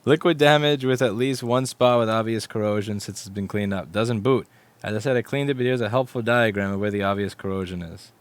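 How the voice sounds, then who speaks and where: A New York–accented repair technician live-streams himself fixing a laptop, chatting casually and joking wryly with the odd swear. His voice is fairly low and fairly quick, with hardly any pauses.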